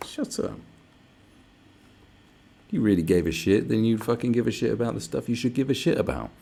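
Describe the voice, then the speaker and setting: A man's voice: medium pitch, expressive, fast talker, gravelly, mellow, slightly rough. A man hosting a livestream, ranting sarcastically with lots of swearing. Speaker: livestream host. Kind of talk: livestream rant.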